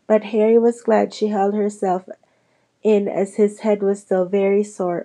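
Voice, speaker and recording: A woman's voice: medium pitch, steady tone, a little slow, mellow, poor audio. A woman reading a novel aloud, in a plain style with small slips. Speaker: reader.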